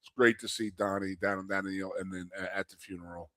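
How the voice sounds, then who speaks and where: A man co-hosting a casual chat show, telling old locker-room stories with lively, acted-out quotes. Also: quick pace, no echo. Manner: animated storyteller, acts out quotes in a high loud voice. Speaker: co-host and former college athlete.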